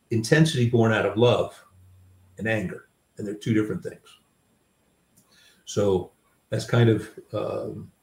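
An older man, a grandfather and author, telling stories from his life in a reflective, self-deprecating way with many fillers and restarts. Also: fairly low pitch. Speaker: guest author. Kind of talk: storytelling in a conversation. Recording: roomy sound, a bit far from the mic.

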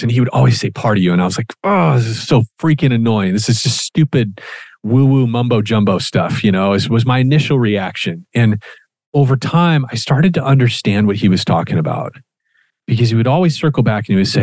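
Animated storytelling man, dry close mic. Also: medium pitch, a little fast, no echo. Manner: animated, acts out quoted dialogue, swears casually. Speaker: podcast co-host. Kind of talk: casual storytelling chat.

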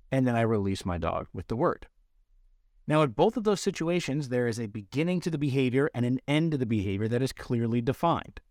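A man's voice: mid-range voice, no echo. A man talks through dog training on his podcast, plain and practical, leaning on everyday comparisons. His voice sits in a middle register and sounds dry and close, with no room around it. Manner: explanatory, uses everyday analogies. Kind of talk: instructional podcast talk.

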